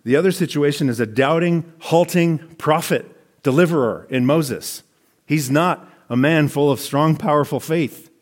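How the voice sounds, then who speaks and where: A man's voice: on the high side, a little slow. A man giving a sermon, reading scripture passages aloud and commenting on them in a conversational preaching tone. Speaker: pastor.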